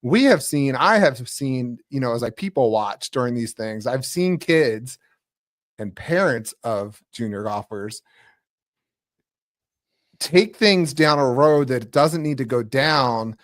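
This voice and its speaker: Mid-pitched male podcast host, dry sound. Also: lively intonation, takes it slowly, dry recording. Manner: conversational, asks long rambling questions. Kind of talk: podcast interview.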